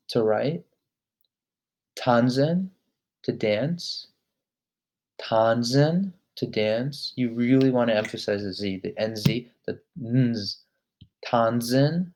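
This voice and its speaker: A man hosting a casual vocabulary lesson. He talks in a relaxed way, fills pauses with "um", and says each word slowly and then repeats it. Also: lowish voice. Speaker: language lesson host.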